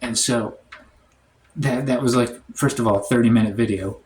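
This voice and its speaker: A man telling a comic story in a rambling, deadpan way, full of "like" and "um". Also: medium pitch, normal speed, slight background noise. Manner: rambling, heavy on "like" and "um". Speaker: storytime comedian. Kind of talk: comedic storytime monologue.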